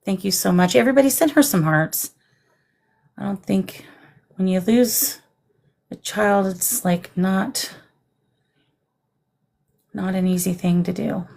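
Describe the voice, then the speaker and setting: A woman hosting a live stream as a psychic medium, speaking gently and soothingly and calling her guests darling. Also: mid-range voice, takes it slowly, vocal fry, long pauses, rough recording. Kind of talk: live-stream spirit reading.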